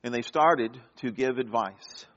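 A man preaching a sermon in a mid-range voice, with a dramatic delivery that rises to loud emphasis and drops to near-hushed tones. The recording sounds a little dull and muffled. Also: medium pitch, measured pace.

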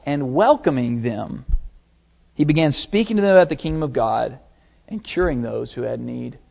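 A man preaching a sermon, retelling a story with lively acted-out quotes. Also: mid-range voice, moderate pace, vocal fry. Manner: animated storytelling, acting out quotes. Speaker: pastor. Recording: tinny phone-like sermon recording.

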